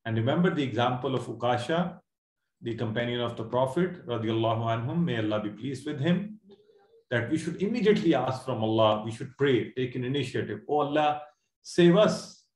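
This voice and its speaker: A man's voice: medium pitch, expressive, darkish tone, echoey room. A man teaching an online class, explaining words step by step, repeating himself and quizzing his students. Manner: explains slowly with many repeats and quiz questions. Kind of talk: online Quran word lesson. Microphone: video call.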